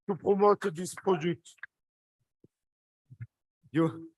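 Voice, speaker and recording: French-accented man, fairly high voice, halting emotional stage pitch, very dry sound. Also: dry recording. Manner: halting, earnest, emotional, with frequent fillers. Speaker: guest speaker presenting a project. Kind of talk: live stage speech.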